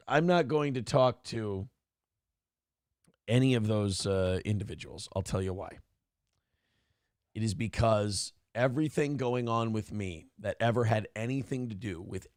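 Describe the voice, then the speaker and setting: On a clean, dry studio recording, a low-voiced man runs a late-night stream. Slightly drunk and fatigued, he keeps the chat casual and profane, ranting once he gets annoyed.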